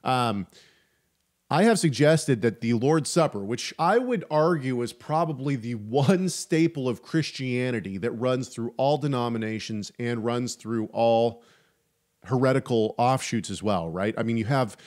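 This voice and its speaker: A man's voice: mid-range voice, expressive, measured pace, darkish tone. Rambling, joking male podcast co-host. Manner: rambling, restarting sentences, joking asides. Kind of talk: casual chat about theology.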